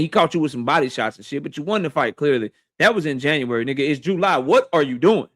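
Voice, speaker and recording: A man's voice: high-pitched, fairly bright tone. A man hosting a live boxing talk stream, ranting at his chat in a heated, profane, mocking way. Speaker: boxing talk show host.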